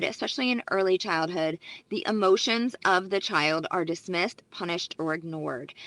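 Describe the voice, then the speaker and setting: A woman's voice: medium pitch, sharp tone, no echo. A female psychologist who gives relationship advice in an emphatic, explanatory way.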